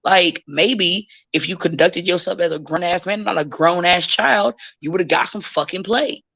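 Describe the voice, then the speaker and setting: A woman's voice: fairly low pitch, moderate pace, creaky, a bit bright. A woman wrestler as a podcast guest, talking bluntly and profanely in casual chat and acting out the people she quotes.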